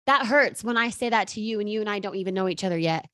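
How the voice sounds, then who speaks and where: Woman, sales coach, bold and sassy, dry close sound, mid pitch. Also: fast, few pauses, a bit bright, no echo. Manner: addresses viewers by name. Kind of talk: motivational live talk.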